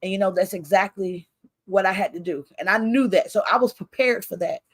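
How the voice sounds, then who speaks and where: A woman's voice: medium pitch, brisk. A woman author hosting her own book launch in casual, rambling chat that keeps losing its thread. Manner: chatty, rambling, loses her train of thought; expressive, animated with laughter.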